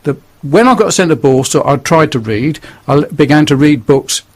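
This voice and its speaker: Older man, northern English accent, blunt, earnest, radio guest, higher-pitched. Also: animated, normal speed, a little mellow. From northern England. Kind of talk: testimony on radio.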